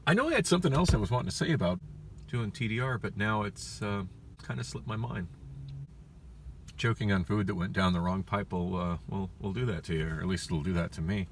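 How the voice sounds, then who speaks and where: A man's voice: fairly low pitch, a little fast, far from the mic, a little hiss or hum. A man vlogging casually from a parked car, rambling with many fillers and restarts. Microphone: phone.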